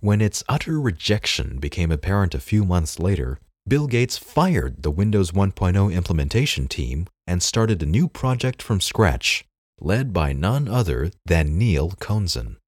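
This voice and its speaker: Deep, husky male memoir narrator. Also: a little slow, dry recording, studio quality. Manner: expressive storytelling with acted quotes. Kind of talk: first-person memoir narration read aloud.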